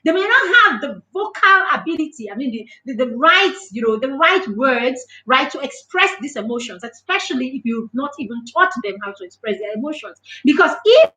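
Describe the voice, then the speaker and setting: Nigerian woman parenting mentor, bright high voice, echoey room. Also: very animated, moderate pace, hardly any pauses. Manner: emphatic, acts out quoted dialogue. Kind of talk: parenting talk.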